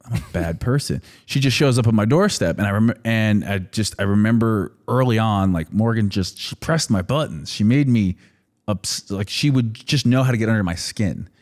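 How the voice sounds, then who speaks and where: A man's voice: on the low side, moderate pace, darkish tone. A man in his thirties, a podcast guest, telling stories in casual chat with lots of fillers and laughs. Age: 30s. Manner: rambling storytelling with many fillers and laughs.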